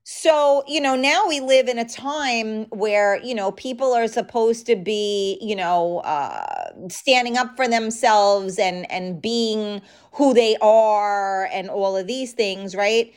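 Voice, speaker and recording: Host: New York woman in her thirties, frank, chatty live-stream talk, unhurried delivery. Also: medium pitch, clear, resonant tone. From New York, the Bronx. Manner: chatty, frank, reads and answers viewer comments. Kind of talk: casual live-stream chat.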